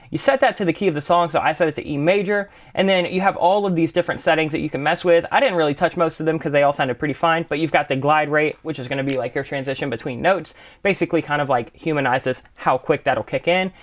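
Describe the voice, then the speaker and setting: Fast-talking young man teaching music production. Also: on the high side. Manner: relaxed, chatty, full of fillers like "kind of" and "really, really". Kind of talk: casual screen-share tutorial.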